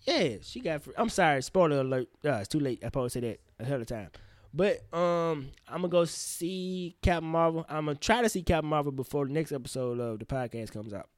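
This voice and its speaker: A man hosting a casual solo podcast, rambling in slang with profane, animated outbursts. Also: on the high side, brisk, no echo, studio quality. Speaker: podcast host.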